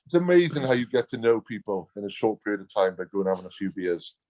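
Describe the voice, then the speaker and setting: A man's voice: fairly low pitch, very animated, fast talker, a little mellow. Laughing Welsh man telling rugby tales. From Wales. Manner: laughing, blunt and colloquial. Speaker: guest, former rugby player. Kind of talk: casual storytelling.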